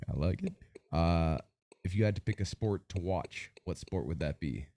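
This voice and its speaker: A man hosting a podcast interview over a video call, with an energetic, announcer-like delivery. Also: low-pitched, normal speed, creaky. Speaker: podcast host. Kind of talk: hype-style interview hosting.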